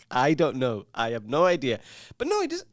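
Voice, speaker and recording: A man's voice: mid-range voice, huge pitch swings, measured pace, no room sound, clean studio sound. A man presenting a casual radio show, chatting, teasing his co-host and reading out listener messages. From England. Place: radio studio. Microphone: studio microphone.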